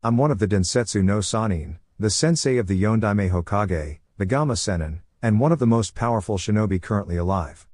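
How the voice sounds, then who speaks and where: A man's voice: on the low side, lively intonation, fairly quick, hardly any pauses, a little mellow, no echo, studio quality. A man voicing a lecherous, boastful older male sage who talks in an offhand way.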